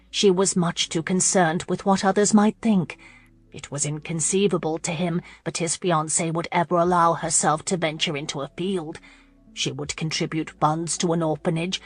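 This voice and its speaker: A woman narrating a romance audiobook in a measured, steady reading voice. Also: fairly low pitch, no room sound. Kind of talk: scripted narration.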